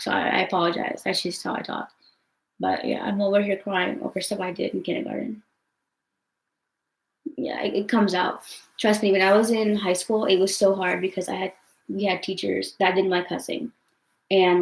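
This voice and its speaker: A young woman venting on a livestream, rambling and swearing a lot with many fillers, upset and tearful. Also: medium pitch. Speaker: vlogger answering live chat. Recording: roomy echo.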